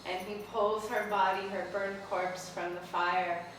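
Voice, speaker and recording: A woman, a spiritual teacher who leads pilgrimages, retells an old myth outdoors beside a temple in a casual, animated storytelling lecture full of "like" fillers. Her mid-range voice moves at a measured pace and is captured from a distance, ringing through a strongly echoing space over faint ambience and a noisy background.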